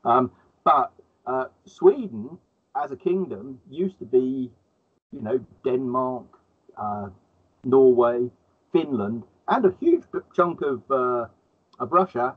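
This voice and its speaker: A man in casual conversation, speaking haltingly and repeating words as he gathers his thoughts. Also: mid-range voice, expressive, breathy edge. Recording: tinny phone-like line.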